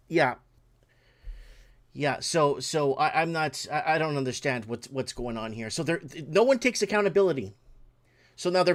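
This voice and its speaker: A man's voice: on the high side, a bit bright. Angry rambling male show host. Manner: angry, swearing, rambling with restarts. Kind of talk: casual livestream rant.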